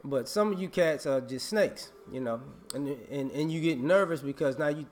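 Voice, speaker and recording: A man's voice: fairly high pitch, moderate pace, a little mellow. A man vlogging a casual opinion rant, emphatic and repetitive, scolding and laughing.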